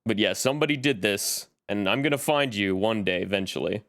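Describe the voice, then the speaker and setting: A man's voice: on the low side, lively intonation, fairly quick, fairly bright tone. A man streaming live in casual chat, greeting viewers by name as he talks.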